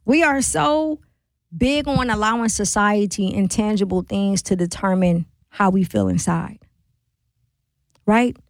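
A woman's voice: medium pitch, measured pace, no echo. A woman hosting a call-in radio show, speaking earnestly and reflectively with a preacher-like, repeating cadence. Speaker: radio talk show host.

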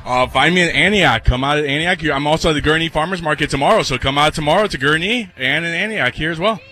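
A man with a bright, sharp, slightly high voice speaks casually as a vendor guest at an outdoor event. He promotes his stall plainly. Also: quick pace.

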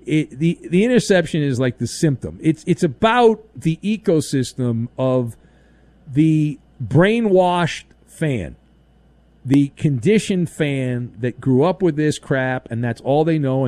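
Man, sports radio host, sarcastic rant, high voice, very animated, dry close sound. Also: dry recording. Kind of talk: opinionated sports talk monologue.

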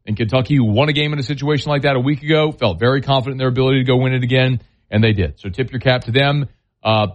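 A blunt man hosting a sports talk radio show. He scolds and jokes in a plain, folksy way. The sound is a little dull. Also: medium pitch. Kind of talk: opinionated sports talk and live-read ads.

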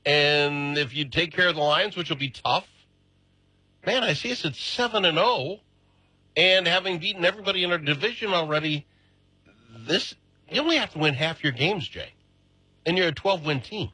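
A middle-aged man hosts a chatty sports radio segment. His voice is very bright with a husky edge, heard close and dry. He gets excitable, and his pitch jumps when he is animated. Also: normal speed, pauses often, dry recording, rough recording. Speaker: radio host. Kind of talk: casual sports talk.

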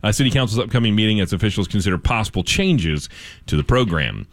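A man's voice: fairly low pitch, lively intonation, fast talker. A man hosting a local radio show, reading news items with casual asides and fillers.

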